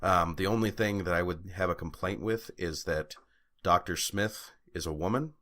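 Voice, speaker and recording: Podcast co-host, young man, very deep low voice, loose rambling delivery with lots of fillers. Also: normal speed, pushed and bright. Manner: rambling, frequent fillers and restarts, laughs often. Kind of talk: casual chat.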